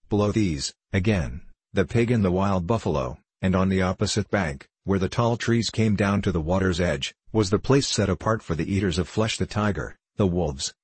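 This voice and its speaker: A man reads a classic storybook aloud in a low, husky voice. The sound is dry and close, with no room around it. He gives the characters' lines in nearly his own voice. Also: a little mellow, no room sound. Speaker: audiobook narrator. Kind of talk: scripted storybook narration.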